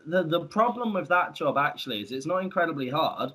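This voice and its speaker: A man's voice: a little high, expressive, brisk, bright, forceful tone, husky. A man co-hosting a podcast, telling stories about farm work in a chatty, rambling way with many restarts. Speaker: podcast co-host. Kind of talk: casual storytelling.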